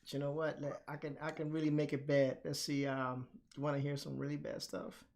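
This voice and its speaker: Loud guy hosting a live stream, voice a bit high, laughs a lot, desk mic. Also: little pitch movement, fairly quick, vocal fry. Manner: loud, laughing, talks while drawing. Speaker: streamer host. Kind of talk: casual chat. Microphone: desk mic with gain turned up.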